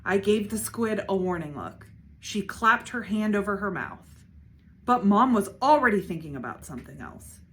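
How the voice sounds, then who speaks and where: A woman reads a children's chapter book aloud with a lively, expressive voice. Her pitch moves up and down freely as she tells the story. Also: moderate pace. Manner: expressive, shifting voices for characters. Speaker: school principal reading aloud.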